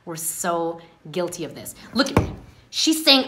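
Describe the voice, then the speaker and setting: A woman's voice: on the low side, very animated, measured pace, noisy background. A woman hosting a casual chat, talking with passion that she says people mistake for anger. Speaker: host.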